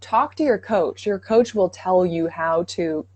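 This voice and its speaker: A woman co-hosting a live online Q&A as an accent coach, explaining things in a warm, encouraging way. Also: on the low side, unhurried, husky, low-quality recording. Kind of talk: live online Q&A, giving advice.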